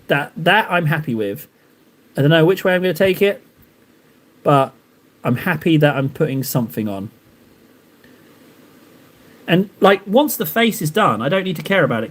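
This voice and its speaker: Male streamer, casual rambling chatter, self-deprecating, slightly high voice. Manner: rambling, joking, self-mocking. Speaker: miniature painting streamer. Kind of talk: casual live stream chat while painting.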